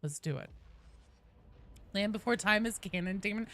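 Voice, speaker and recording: Lively, bright-voiced woman streamer chatting. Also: mid-range voice, normal speed, pauses often, no echo. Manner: chatty, reads chat aloud and greets viewers with bursts of excitement. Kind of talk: casual gaming stream chat.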